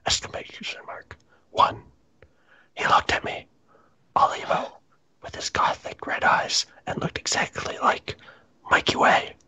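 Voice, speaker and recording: A man doing a comedic, mock-dramatic reading of fan fiction, reading the punctuation aloud in a breathy half-whisper. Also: a little slow, long pauses, sharp tone. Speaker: reader.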